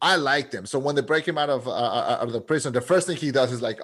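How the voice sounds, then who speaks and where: A man's voice: mid-range voice, fairly bright tone. A man co-hosting a podcast, talking eagerly about a film and often restarting his sentences. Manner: enthusiastic, halting, many restarts. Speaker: podcast co-host. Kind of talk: casual podcast chat.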